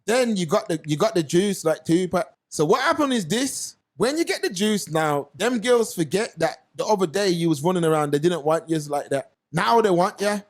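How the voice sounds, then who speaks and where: A man's voice: sits high, normal speed, few pauses. A man co-hosting a casual podcast chat, telling stories in slang and acting out the people in them. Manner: animated storytelling, slangy, acts out quoted voices. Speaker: podcast co-host.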